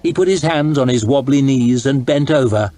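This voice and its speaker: A man reading a novel aloud in a calm, steady, soft-spoken ASMR style, with a breathy voice. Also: medium pitch, moderate pace, no room sound. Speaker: storyteller.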